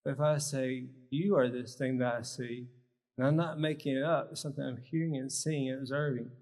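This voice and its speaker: A man's voice: medium pitch, steady tone, a little fast, darkish tone. A man giving a live workshop talk at a health symposium, teaching with short, emphatic phrases. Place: large church hall. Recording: long reverb of a large hall.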